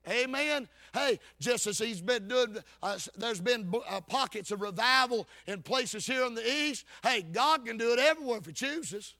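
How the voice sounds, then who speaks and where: A man preaching a sermon as a Baptist preacher, in a fervent, folksy style that swings between loud calls and low asides. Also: expressive, normal speed, few pauses.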